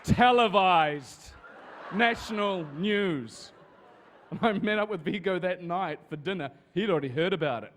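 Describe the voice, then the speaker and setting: A man telling casual, lively anecdotes to an audience as a guest on a convention panel. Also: sits high, unhurried, slight background noise. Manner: lively storyteller with restarts and swearing.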